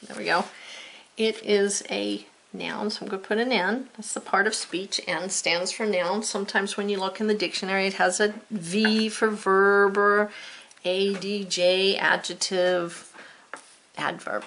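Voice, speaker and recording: Woman, middle-aged, gravelly voice, homeschool video lesson, slow clear encouraging delivery. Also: medium pitch, steady tone, a bit bright, a little hiss or hum. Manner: encouraging, speaks slowly and clearly while writing. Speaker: homeschool teacher. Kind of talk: friendly video lesson for children.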